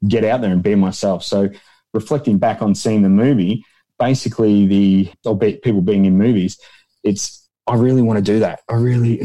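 A man's voice: lowish voice, mellow. A man, a guest in a casual interview, telling rambling stories and acting out quotes in a raised voice. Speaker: guest, founder of an extras agency.

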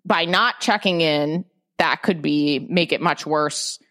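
A woman's voice: low voice, takes it slowly, fairly bright tone. A woman chatting casually and candidly on a podcast, swearing freely and often restarting her sentences. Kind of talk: casual chat.

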